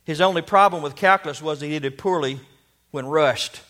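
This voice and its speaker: Higher-pitched male preacher telling a story. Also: fairly quick, bright, forceful tone. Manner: storytelling, rhetorical questions. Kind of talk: sermon with storytelling.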